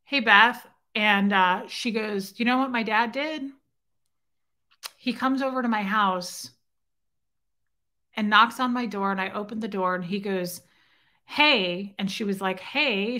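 Bright-voiced woman telling a story. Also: medium pitch, normal speed. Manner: animated retelling with quoted dialogue and side remarks to chat. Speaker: host. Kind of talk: casual storytelling to viewers.

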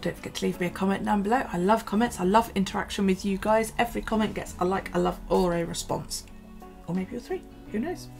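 A woman's voice: medium pitch, fast talker, creaky, a little mellow, faint music behind. A woman from the UK, chatting casually in her vlog, tired and yawning, rambling with many ums and restarts. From United Kingdom. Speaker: vlogger. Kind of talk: casual chat over a journaling video.

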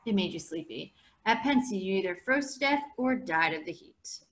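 A woman English teacher reading a novel aloud for her class in a steady, conversational way. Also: medium pitch, normal speed.

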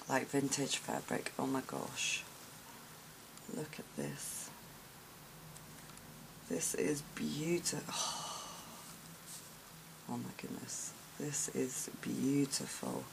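Slow, gravelly-voiced woman gushing softly. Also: a bass voice, background noise. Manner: soft, slow and gushing, many gasps and sighs. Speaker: craft vlogger opening gifts. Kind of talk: casual unboxing vlog.

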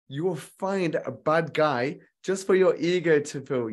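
A man's voice: fairly high pitch, measured pace, few pauses, a little mellow. A man giving a motivational relationship coaching talk straight to viewers, earnest and repeating key lines for emphasis.

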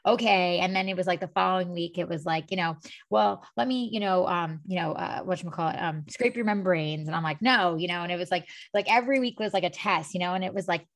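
Here a podcast host with a lowish voice races along with barely a pause, sharing a personal anecdote. Her chat is loose and meandering, full of "like" and "you know."

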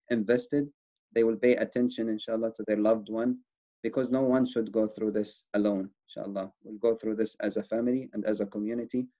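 Man, quick and mellow, earnest reassuring presenter, muffled lo-fi audio. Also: medium pitch. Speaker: wellness presenter. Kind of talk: educational talk. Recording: dull lo-fi recording.

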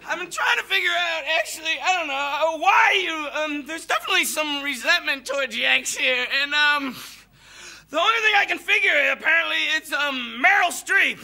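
An American man doing a stand-up comedy set with a raspy, strained high voice, stammering and breaking into manic yells. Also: moderate pace. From United States. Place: TV studio stage before a live audience. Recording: live TV studio with loud audience. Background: loud audience laughter and noise.

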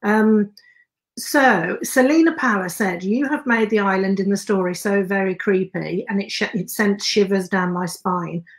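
A woman's voice: medium pitch, measured pace. Woman host reading viewer names. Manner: reads out viewer names and questions. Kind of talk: live video chat interview. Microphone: video call.

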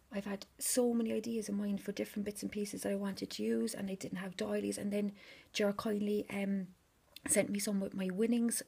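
A woman opening craft gifts on camera, gushing and overwhelmed, slipping between hushed whispers and excited exclamations. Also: mid-range voice, vocal fry, slightly rough. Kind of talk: unboxing chat, often whispering. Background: crinkling paper and packaging.

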